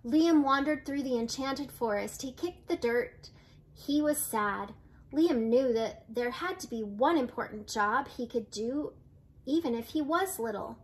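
An older woman, a grandmother, reading a children's picture book aloud in a gentle storytelling way, with light voices for the characters. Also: sits high, a little slow.

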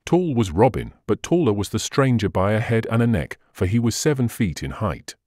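A man narrating an old adventure story with a low, lively voice that climbs and falls through each sentence. The read is close and dry, with no room sound. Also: normal speed, dry recording. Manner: expressive storytelling. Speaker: audiobook narrator. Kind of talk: scripted narration.

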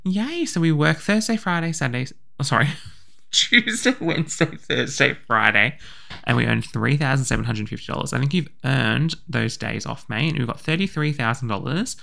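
Excitable man with vocal fry. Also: medium pitch. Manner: chatty, excitable, quick exclamations. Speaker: gaming YouTuber. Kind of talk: let's play commentary.

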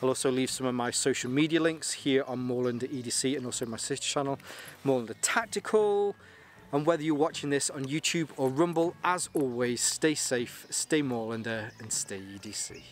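A man talks through a piece of gear in a loose, rambling way, stumbling over repeated words as he goes. His voice sits at an ordinary middle pitch. He is recording outdoors with light background noise. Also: expressive, normal speed. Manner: chatty, rambling, repeats words when restarting. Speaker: gear reviewer and brand ambassador. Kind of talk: casual product review to camera.

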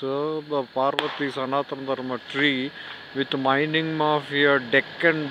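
A man's voice: fairly high pitch, fairly even intonation, unhurried, pushed and bright. Agitated man, outdoors. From Andhra Pradesh, India. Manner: agitated, hesitant, full of uh fillers. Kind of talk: angry outdoor rant. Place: outdoors among trees. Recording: noisy outdoor phone recording. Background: crickets, insects and passing vehicles.

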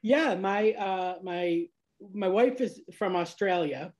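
A woman's voice: medium pitch, takes it slowly, a little mellow. Chatty American woman podcast host. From Florida, USA. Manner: chatty and laughing, with many restarts. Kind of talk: casual interview chat.

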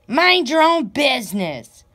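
A woman's voice: sits high, big pitch swings, slow pace, sharp tone, voice pushed up, full character voice. A woman voicing a sassy, rude female goat in a children's storybook reading, snide and sneering.

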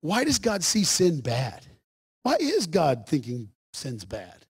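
Man, pastor, sermon, high-pitched, joking then emphatic. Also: huge pitch swings, slow, husky.

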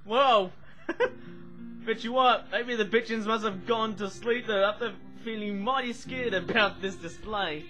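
Male channel host, Australian-sounding accent, bright and tense tone, exclaims and laughs a lot. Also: high voice, measured pace, faint music behind, low-quality recording. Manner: excitable, exclaiming, laughing often. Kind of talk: casual reaction commentary.

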